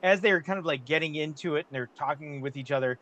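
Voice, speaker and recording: A man's voice: on the high side, fast, fairly bright tone, poor audio. A man narrating a tabletop game as game master, talking casually with lots of fillers.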